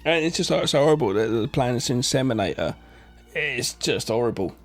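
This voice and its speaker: Lively, rambling man. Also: medium pitch, a little fast, soft background music. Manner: rambling, full of fillers and restarts. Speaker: podcast co-host. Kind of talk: casual film recap chat.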